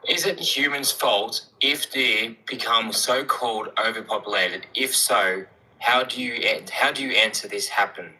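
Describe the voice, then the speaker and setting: Bright-voiced accented male caller. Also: mid-range voice, poor audio. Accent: non-native accent. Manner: reads haltingly, argues back. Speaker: caller on a live stream.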